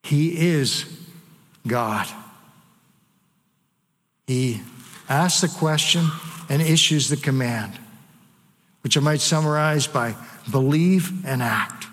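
A man's voice: a little high, slow, long pauses. A man preaching a sermon, talking conversationally and asking the congregation rhetorical questions. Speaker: pastor. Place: church sanctuary. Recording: long hall reverb.

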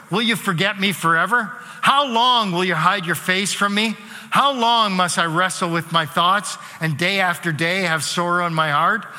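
Pastor guy preaching, bright voice, kinda high, big hall echo. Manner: conversational preaching with rising emphatic repeats. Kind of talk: sermon. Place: church hall. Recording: long reverb of a large hall.

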